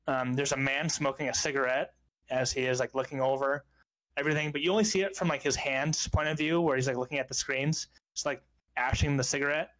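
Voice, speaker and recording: A man's voice: mid-range voice, steady tone, fairly quick, fairly bright tone. A young man narrating a tabletop game as game master, loose and full of fillers. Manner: loose, filler-heavy, descriptive.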